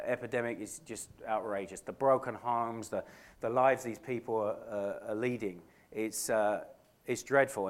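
A middle-aged British man preaching a sermon as a pastor in a church, earnest and animated, often restarting his phrases and acting out quotes. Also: mid-range voice. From Britain.

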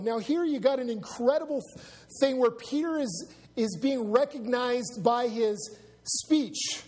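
A man with a high, husky voice preaches to his congregation, mixing scripture reading with casual asides. The sound carries a long reverb from the church hall around him. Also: a little slow, a little mellow. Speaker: pastor. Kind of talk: sermon. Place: church sanctuary.

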